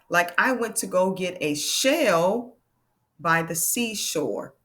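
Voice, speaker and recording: Woman teacher, slightly low voice, children's phonics lesson, draws out vowel sounds, encouraging. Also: lively intonation, a bit bright. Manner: slow, drawn-out sounding of letters and vowel sounds; encouraging, checks in with "okay?".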